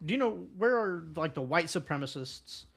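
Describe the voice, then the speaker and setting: A man co-hosting a casual podcast, talking bluntly and conversationally, jumping up in pitch when he quotes others. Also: lively intonation, moderate pace, fairly bright tone. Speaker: podcast co-host. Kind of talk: casual political podcast chat.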